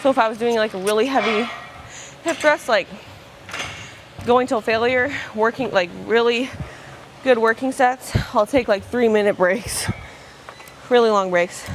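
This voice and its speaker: A woman's voice: on the high side, a little slow, long pauses, a little hiss or hum. A young woman casually vlogging her workout at the gym, chatty and loose, dropping "like" and "bro". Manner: chatty, filler-heavy, says "like" and "bro". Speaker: fitness vlogger. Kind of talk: casual vlog chat during a workout.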